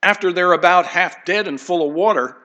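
Bright-voiced man preaching a sermon. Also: high voice, brisk. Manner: animated, acts out quoted voices; conversational, folksy asides. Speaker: pastor.

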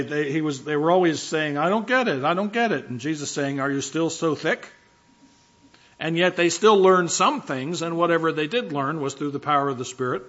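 A man's voice: fairly high pitch, fairly bright tone, muffled recording. Man preaching a conversational sermon. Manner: conversational teaching with rhetorical questions. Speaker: pastor.

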